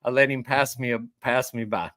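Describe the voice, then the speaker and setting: A man's voice: mid-range voice, normal speed, no echo, studio quality. Man telling a fishing story. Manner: animated storyteller who acts out quoted dialogue. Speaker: fishing guide. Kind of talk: casual storytelling.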